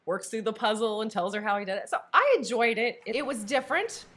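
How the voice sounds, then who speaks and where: A woman's voice: a little high, lively intonation, quick pace, fairly bright tone. A woman co-hosting a book review, casually retelling a story and acting out characters' lines.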